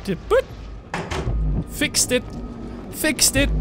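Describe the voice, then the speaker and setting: A man's voice: sits high, big pitch swings, normal speed, long pauses, a bit bright, a little hiss or hum. A man commentating a horror game, jumpy and joking, screaming and swearing at every scare. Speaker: gamer. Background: game music.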